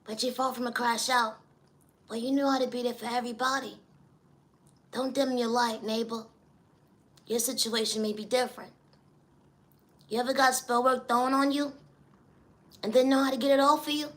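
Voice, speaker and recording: A man voicing a high, squeaky encourager who gives a spoken-word pep talk and keeps saying "neighbor" and "you know.". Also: flat delivery, normal speed, long pauses, fairly bright tone. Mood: gentle.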